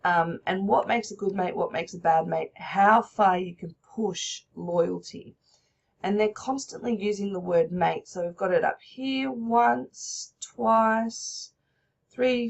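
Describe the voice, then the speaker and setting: A woman's voice: mid-range voice, vocal fry. A woman teaching a recorded lesson, explaining step by step and checking in with "all right?".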